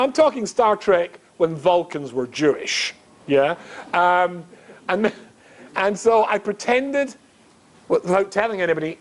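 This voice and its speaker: A middle-aged man from Scotland, a rabbi giving a humorous storytelling talk, chatty and self-mocking, asking the audience questions. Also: sits high. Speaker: rabbi, guest speaker.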